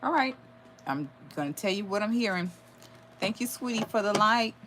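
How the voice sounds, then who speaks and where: A woman's voice: mid-range voice, expressive, moderate pace, a bit bright, a little hiss or hum. A woman giving a live tarot reading, channeling messages aloud with sudden exclamations and blunt swearing. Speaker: tarot reader.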